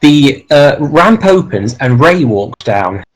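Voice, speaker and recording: A man's voice: medium pitch, very animated, slow pace, rough recording. A man chatting casually with a friend, eagerly rambling through plot ideas he makes up as he goes.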